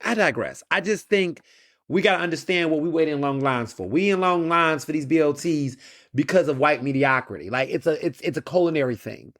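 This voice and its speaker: A man's voice: fairly high pitch, brisk, no echo, clean studio sound. A man, hosting a podcast with opinionated, sardonic solo commentary, often restarting and repeating words. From Texas. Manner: animated, sardonic, mocking asides. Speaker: podcast host.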